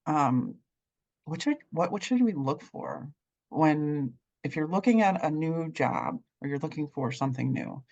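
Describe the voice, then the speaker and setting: A woman hosting a wellness podcast who asks questions in a thoughtful, halting way. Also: low-pitched, creaky, darkish tone, highs cut off. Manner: thoughtful, hesitant phrasing with fillers. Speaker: podcast host. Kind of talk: interview questions.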